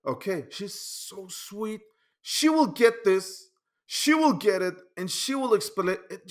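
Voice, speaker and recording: Agitated non-native English-speaking man, slow. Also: sits high, big pitch swings. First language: not English. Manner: rambling, repetitive, keeps asking "okay?"; heated, swings between loud outbursts and quiet asides. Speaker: channel host. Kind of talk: emotional personal vlog monologue.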